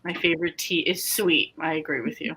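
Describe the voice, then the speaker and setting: A woman's voice: low voice, steady tone, a little fast, background noise. A woman hosting a casual reading stream, chatting and reading out viewer comments with wry sarcasm. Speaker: host of an online reading sprint stream.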